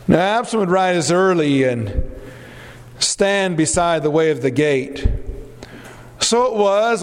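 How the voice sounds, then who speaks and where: A male preacher delivers a sermon at a slow, deliberate pace, pressing his point with rhetorical questions and dramatic pauses. His voice sits a bit high for a man, and a long reverb rings out behind him as in a large hall.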